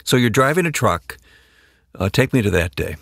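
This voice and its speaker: A male interviewer gently probing and encouraging his guest with questions. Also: medium pitch, sing-song, moderate pace, gravelly, dry recording, clean studio sound.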